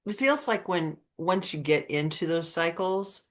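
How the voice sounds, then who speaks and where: A woman's voice: lowish voice, expressive, unhurried. A woman hosting a podcast, casually and empathetically prompting her guest. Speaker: podcast host. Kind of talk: casual conversational interview.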